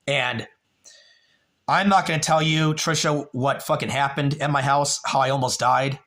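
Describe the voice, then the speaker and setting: A man talking straight to his stream audience from home, rambling and raw, with swearing threaded through every thought. His voice sits fairly high, with a gravelly fry and a bright, forceful edge. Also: fairly even intonation, measured pace. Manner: rambling, emotional, profane, talks to a viewer by name. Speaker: livestreamer. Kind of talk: emotional livestream monologue.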